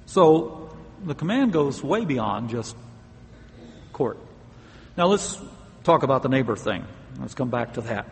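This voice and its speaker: A man's voice: mid-range voice, sing-song, a little slow, gravelly, pauses often, in a large hall. A man preaching a sermon, earnest and emphatic, stressing key words and now and then laughing.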